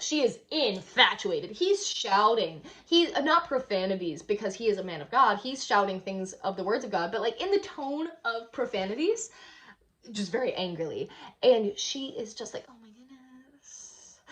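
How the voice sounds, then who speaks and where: A woman vlogger casually retelling a play in a hotel room, chatty and rambling with lots of fillers. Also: mid-range voice.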